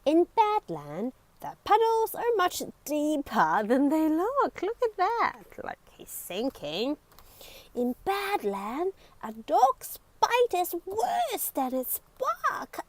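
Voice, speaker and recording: A woman reading a children's picture book aloud in an expressive way, with dramatic whispers and exclamations. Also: high-pitched, slow pace, low-quality recording. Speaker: storybook reader.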